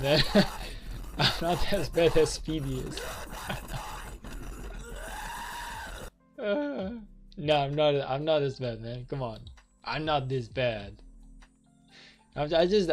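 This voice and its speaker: A man streams a strategy game, talking in loose, exasperated rants packed with fillers and the odd curse. His voice sits a little high for a man. Faint music plays behind him. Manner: exasperated, rambling, swears, many fillers. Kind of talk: casual gameplay commentary.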